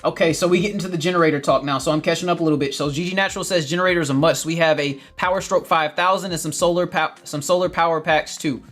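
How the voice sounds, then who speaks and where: A man's voice: on the high side, fairly even intonation, fast, few pauses, fairly bright tone. A man hosting a gardening livestream, reading viewer comments in a casual chat, laughing often and repeating his phrases.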